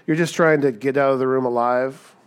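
A man preaching a sermon in a lively, conversational way, acting out the people he quotes and often asking "right?". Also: mid-range voice, a little fast, clear, resonant tone. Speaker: pastor.

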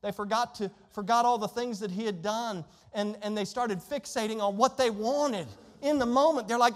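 A man's voice: sits high, normal speed. A man preaching a sermon as pastor, emphatic, reading scripture aloud in a church. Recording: long hall reverb.

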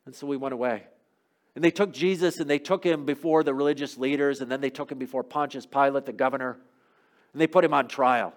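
Man telling a story, loud then hushed. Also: medium pitch, fairly even intonation, fast talker. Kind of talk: first-person dramatic sermon monologue.

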